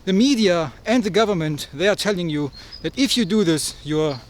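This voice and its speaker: Young male travel vlogger, high voice, casual joking narration on an action cam, faint street noise. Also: expressive, moderate pace. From Germany. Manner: joking, chatty, exclaims at sights. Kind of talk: casual walking vlog narration. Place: outdoors in a city park. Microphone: action camera mic.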